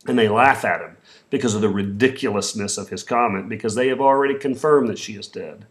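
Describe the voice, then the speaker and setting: A man's voice: fairly low pitch, brisk. A man preaching a sermon, retelling the story in his own words with voiced quotes and a few restarts. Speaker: pastor.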